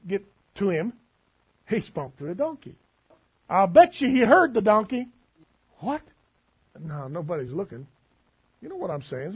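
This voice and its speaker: A man's voice: sits high, husky, lo-fi sound. A man preaching a sermon as pastor, folksy and full of asides and humor.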